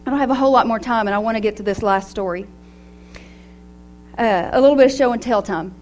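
A middle-aged woman speaking to a women's gathering in a personal, animated way, laughing often as she talks. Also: a little high, quick pace, a little hiss or hum. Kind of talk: devotional talk to women.

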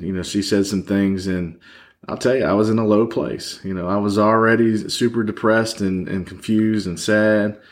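A man as a podcast guest, telling a candid personal story in a rambling way with many fillers, sitting across a table from the host. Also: lowish voice.

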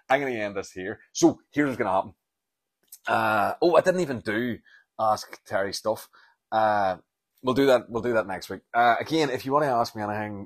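Low-voiced rambling Northern Irish man. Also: no room sound. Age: 40s. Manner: candid, self-deprecating, sweary, rambling. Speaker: comedian podcast host. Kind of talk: rambling solo podcast monologue.

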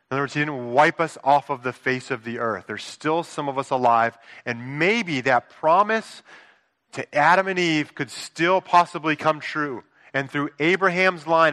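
Earnest bright-voiced male pastor preaching. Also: medium pitch. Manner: earnest, conversational preaching with rhetorical asides. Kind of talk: sermon.

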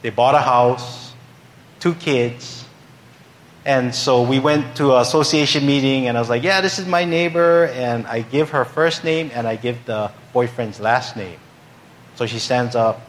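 A man's voice: medium pitch, unhurried. A male pastor telling a humorous story in a sermon, acting out the voices of the people in it. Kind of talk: sermon anecdote.

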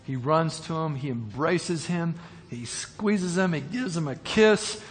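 A man's voice: a little high, lively intonation, takes it slowly, in a large hall. A man preaching a sermon, retelling a parable with repeated words and rhetorical questions.

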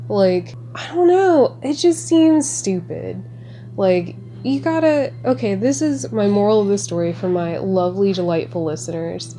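A woman talking casually as a podcast host, reacting excitedly and sarcastically to a movie with lots of swearing. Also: mid-range voice, a little slow, a little hiss or hum.

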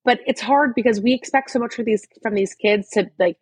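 A woman's voice: fairly high pitch, fairly quick, breathy edge, dry recording. A woman co-hosting a podcast in casual chat, talking frankly with plenty of fillers and swearing. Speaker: podcast co-host.

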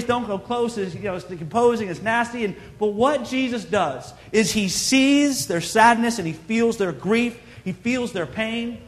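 A man's voice: high voice, fairly bright tone, big-room sound. A man preaching a sermon as pastor, earnest and conversational, pressing his points with emphatic repetition.

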